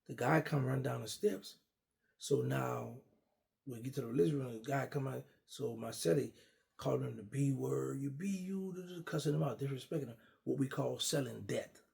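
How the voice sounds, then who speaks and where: A middle-aged man casually telling a long personal story, animated and acting out what others said. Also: medium pitch, normal speed, gravelly. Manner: animated, acts out quoted dialogue. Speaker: guest storyteller.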